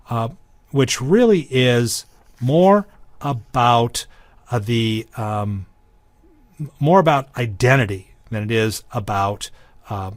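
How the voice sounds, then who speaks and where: Man teaching a grammar lesson, mid-pitched, dry close sound, dry humor, ums and restarts. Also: no echo. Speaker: Greek teacher. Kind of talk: recorded lecture.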